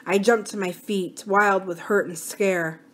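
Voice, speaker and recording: A woman's voice: mid-range voice, steady tone, a little slow. Woman reading a storybook aloud. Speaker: library story reader.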